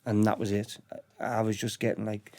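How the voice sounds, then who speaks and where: A man's voice: on the low side, completely flat delivery, a little fast, mellow. Rambling man telling stories. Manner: rambling, repeats words, acts out quoted dialogue. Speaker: podcast guest. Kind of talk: casual true-crime storytelling.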